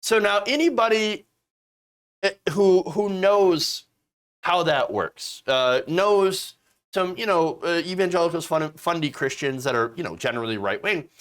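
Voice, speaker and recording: A man's voice: sits high, a little slow, fairly bright tone. A man hosting casual political commentary, sarcastic and mocking. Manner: sarcastic, mocking voices of opponents.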